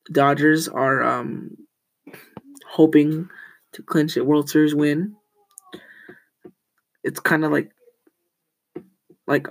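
Give me a teenage student rambling through a casual school podcast, with a creaky voice and mid-range pitch. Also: slight background noise, rough recording. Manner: rambling, often corrects itself, tells corny jokes.

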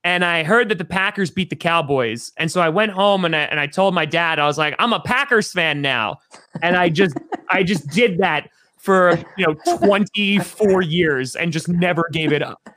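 An excitable man in his thirties from New York, talking as a podcast guest in a loose, rambling way. His voice sits high and bright, and the sound is close and dry. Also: moderate pace, dry recording. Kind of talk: casual podcast chat.

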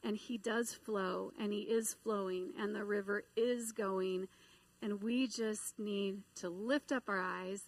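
A middle-aged woman giving a sermon, telling a personal story in an animated way and acting out the voices she quotes. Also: mid-range voice, takes it slowly, no room sound, rough recording. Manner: animated, acts out quoted voices and inner dialogue. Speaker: preacher.

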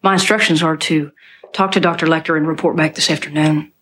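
A woman's voice: low voice, steady tone, a little fast, background noise, close to an everyday voice. An actress playing a young female trainee agent who speaks politely, firmly and in a businesslike way. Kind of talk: film dialogue.

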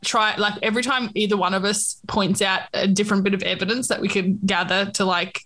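A woman's voice: medium pitch, fairly even intonation, brisk, a bit bright. A woman co-hosting a podcast in casual chat, playful, often laughing and trailing off mid-sentence. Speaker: podcast co-host.

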